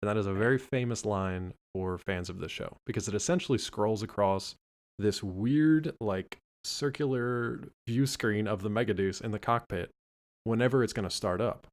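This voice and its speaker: A man co-hosting a podcast, chatting casually about an anime with quick jokes and asides. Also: on the low side. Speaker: podcast co-host. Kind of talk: casual chat about a cartoon.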